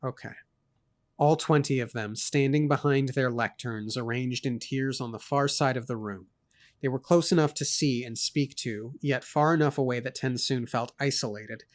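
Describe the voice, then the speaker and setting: Dude reading a fantasy book out loud, steady voice, dry little jokes in between. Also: male voice, medium pitch. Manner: steady narration broken by dry asides. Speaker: co-host reading a novel aloud. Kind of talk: reading aloud with commentary.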